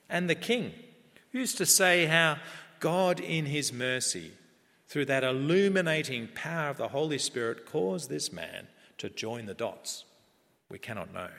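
A man preaching a sermon in a measured, earnest way that builds in emphasis. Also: on the high side, fairly bright tone. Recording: long reverb of a large hall.

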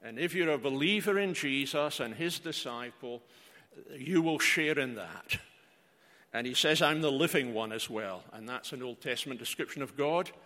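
A man's voice: mid-range voice, expressive, moderate pace, sharp tone. An older man preaching a sermon, earnest, with rhetorical questions and frequent hesitant fillers. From outside Australia. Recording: reverberant hall.

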